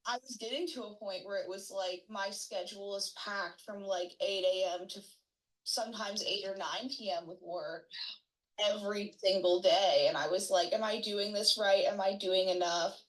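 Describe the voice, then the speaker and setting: A woman's voice: medium pitch, fairly even intonation, normal speed, poor audio. A young adult woman, an honors student, telling her personal story in a casual way with many fillers. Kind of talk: personal account.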